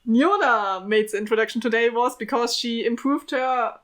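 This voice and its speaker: A woman's voice: a little high, normal speed. Playful, teasing woman podcaster. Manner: playful, teasing, laughs often. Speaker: podcast co-host. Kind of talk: casual chat.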